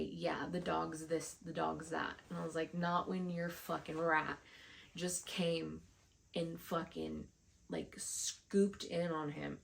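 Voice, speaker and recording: A woman's voice: on the low side, gravelly. A woman vlogger telling a story casually, frustrated and swearing often, acting out the dialogue she quotes.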